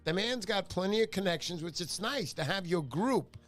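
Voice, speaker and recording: A man's voice: high-pitched, animated, moderate pace, a bit bright, faint music behind. A middle-aged man hosting a casual fishing livestream, chatty and joking as he greets viewers by name. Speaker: fishing show host. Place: home livestream.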